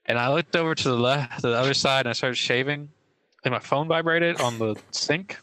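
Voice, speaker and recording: A man's voice: mid-range voice, a little fast, pushed and bright, rough recording. A young man co-hosting a casual podcast, telling stories with lots of fillers and hedges. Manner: rambling storyteller, many fillers. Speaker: podcast co-host.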